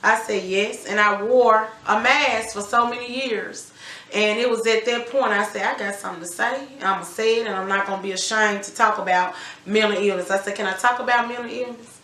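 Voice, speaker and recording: A woman's voice: mid-range voice, fairly even intonation, a little fast, pushed and bright. A middle-aged woman giving an emphatic, candid personal testimony about her life, swearing freely. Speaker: guest telling her life story. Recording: roomy echo.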